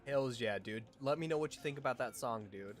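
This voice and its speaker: A man streaming a game live, chatting affectionately and excitably with his viewers and reacting loudly to the action. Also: medium pitch, fairly quick. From Utah, US. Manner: excitable, affectionate, talks to chat. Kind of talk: casual gameplay livestream chat.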